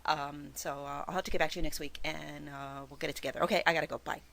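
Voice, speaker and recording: A woman, explaining city in a chatty, playful way with quick demos. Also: low voice, fairly even intonation, gravelly, fairly bright tone. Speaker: accent tutorial presenter.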